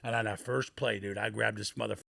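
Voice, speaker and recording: Gravelly, profane man telling stories. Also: fairly low pitch, quick pace, no room sound. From Scranton, Pennsylvania. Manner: profane, animated, acts out quoted voices. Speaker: former football player telling stories. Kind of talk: casual storytelling on a podcast.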